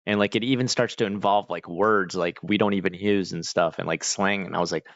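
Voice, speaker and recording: On a livestream, a man chats casually, answering the chat in a rambling, hesitant way full of fillers and restarts. His voice sits low with fairly even intonation, fairly quick and fairly bright. The dry mic sounds dull and lo-fi, with no echo.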